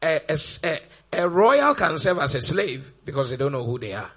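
A man preaching a sermon, firing off rhetorical questions in a gravelly, raspy voice. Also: fairly high pitch, sing-song, normal speed, fairly bright tone.

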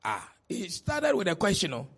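A Ghanaian man in middle age delivers a sermon in a high, raspy voice with a gravelly edge. He swings from quiet asides to shouted exclamations and laughs often as he preaches. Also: wildly swooping pitch, normal speed. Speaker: pastor.

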